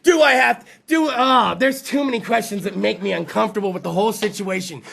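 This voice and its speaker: Man, talk show host, crude comedic monologue, bright voice, gravelly edge. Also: high-pitched, brisk. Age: adult. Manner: rowdy, crude, joking, acting out voices.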